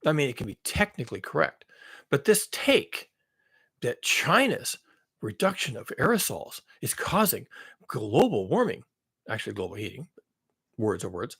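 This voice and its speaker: Husky sarcastic man with a lively pitch. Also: normal speed. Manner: sarcastic, mock-alarmed outbursts between low mutters; rambling, self-correcting. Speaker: climate commentary channel host. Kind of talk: sarcastic spoken commentary.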